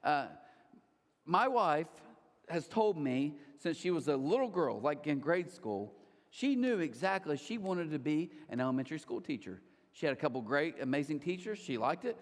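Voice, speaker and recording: A man preaching a sermon as pastor, animated, with asides to the crowd and put-on high voices for others. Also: normal speed, big-room sound. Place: church auditorium.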